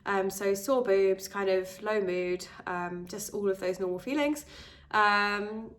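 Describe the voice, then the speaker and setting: A woman's voice: mid-range voice, takes it slowly. A British woman vlogging a candid, rambling pregnancy update to camera while stuffed up with a cold. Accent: British English. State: congested with a cold. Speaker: vlogger and fitness instructor. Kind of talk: casual pregnancy update vlog.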